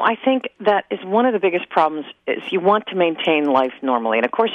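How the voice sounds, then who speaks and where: A woman's voice: low-pitched, dry recording. Earnest woman on a muffled line. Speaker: author guest. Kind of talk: radio interview.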